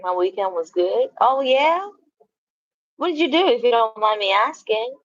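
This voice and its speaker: Hosting a relaxed livestream, a woman chats with viewers and reads their comments, laughing a lot and swearing without restraint. Her slightly high voice is animated and moderately paced, recorded without echo but with the highs cut off.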